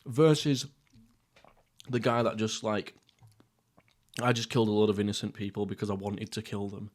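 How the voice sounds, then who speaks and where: A young man from England hosting a casual solo podcast while eating, rambling through jokey, crude, deadpan stories. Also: on the low side, moderate pace. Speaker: podcast host. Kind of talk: casual solo mukbang chat.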